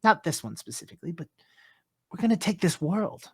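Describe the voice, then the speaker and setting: A man voicing a smooth-talking male villain leader, speaking with silky, condescending menace in a tabletop game. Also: fairly high pitch, very animated, brisk, a bit bright, no room sound, studio quality, heavily acted. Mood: scornful. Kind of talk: in-character tabletop role-play.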